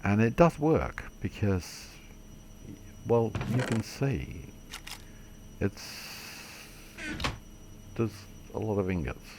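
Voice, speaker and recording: Deep gravelly guy rambling slowly thru a game tutorial, swears a bit, laughs at his own mistakes. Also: big pitch swings, noisy background. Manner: rambling, self-deprecating, mild swearing. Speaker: gaming video creator. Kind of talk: casual game tutorial commentary.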